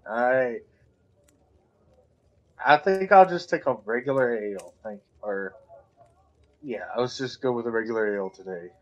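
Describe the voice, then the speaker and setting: A man speaks in character in a tabletop game, hesitating and restarting his sentences. His voice is of ordinary pitch. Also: a little slow, pauses often, highs cut off. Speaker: player. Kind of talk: casual in-character play.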